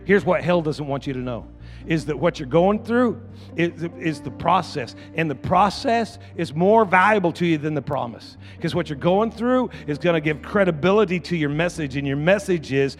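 A high-pitched male pastor preaches a sermon in church at a moderate pace, expressive as his voice echoes through a long hall. He circles back on his phrases and climbs into shouting, with soft music beneath him.

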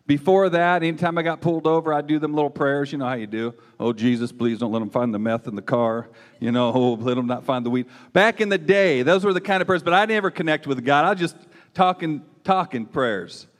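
A middle-aged man preaches with a folksy, emphatic delivery and tosses in "man" all the time. His voice sits a bit high for a man. It rings with a long reverb, as if he is in a large hall. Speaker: pastor. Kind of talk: sermon with personal testimony.

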